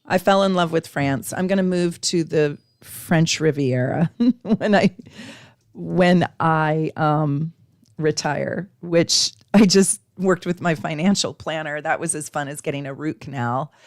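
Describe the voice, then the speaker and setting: A chatty, effusive woman doing live astrology readings for her viewers. Her voice sits on the low side and she laughs easily. The sound is close and dry, with no room echo. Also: measured pace. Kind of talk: live-stream casual chat.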